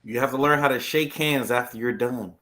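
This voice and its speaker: A man's voice: mid-range voice, brisk, pushed and bright. A man on a casual panel discussion who tells stories emphatically and keeps saying "literally". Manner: storytelling, emphatic, repeats "literally".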